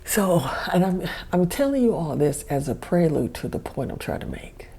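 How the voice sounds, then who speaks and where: A woman's voice: fairly low pitch, sing-song, moderate pace, dark tone, husky. A woman hosting a podcast, telling a personal story in a rambling, self-correcting way and chuckling often. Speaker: podcast host. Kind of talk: casual storytelling monologue.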